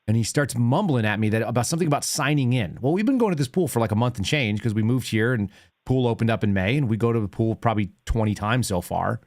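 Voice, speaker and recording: Male host in his thirties, mid-pitched, ranting casually over a dry close mic. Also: fast, no echo. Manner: ranting, animated storytelling. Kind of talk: casual call-in show chat.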